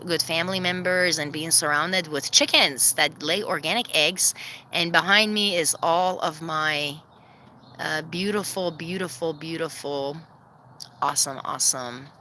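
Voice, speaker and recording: A woman chatting casually on a livestream from her backyard coop, laughing often, giving viewers shout-outs and calling to her hens. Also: a little hiss or hum. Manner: calls to her hens in a very high sing-song voice. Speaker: vlogger hosting a livestream premiere. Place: outdoors in a backyard by the chicken coop.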